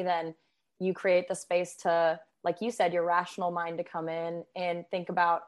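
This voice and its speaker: A woman's voice: fairly low pitch, flat delivery, normal speed. A woman hosting an interview, chatty and eager, often saying "like". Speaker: podcast host. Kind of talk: conversational interview.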